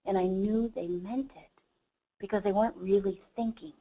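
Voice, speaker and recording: A woman's voice: medium pitch, fairly even intonation, normal speed, warm tone, poor audio. A woman who runs the company gives a motivational webinar talk in an earnest, enthusiastic storytelling manner. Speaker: company CEO presenter.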